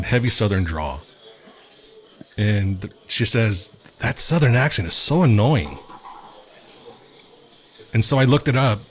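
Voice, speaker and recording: A man co-hosting a casual podcast, giving blunt, joking opinions. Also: medium pitch. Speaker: podcast co-host.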